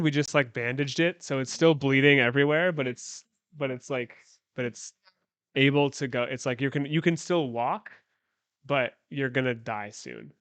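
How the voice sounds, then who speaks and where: A man's voice: medium pitch, normal speed, a bit bright, clear, resonant tone, no room sound. Rambling, jokey man on a dry mic. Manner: rambling, jokey, trailing off mid-sentence. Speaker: stream co-host getting a haircut. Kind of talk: casual live-stream chat. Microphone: handheld microphone.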